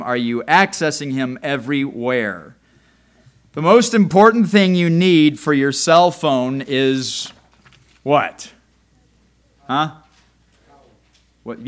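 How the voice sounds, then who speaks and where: A man preaching a sermon, swinging from quiet, low asides to loud emphatic calls, joking and putting rhetorical questions to the congregation. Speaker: pastor.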